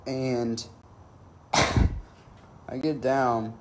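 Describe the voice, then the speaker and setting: Slow, profane man telling a story. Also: medium pitch, darkish tone, slight background noise. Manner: profane, rambling anecdote. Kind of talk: casual comic storytelling.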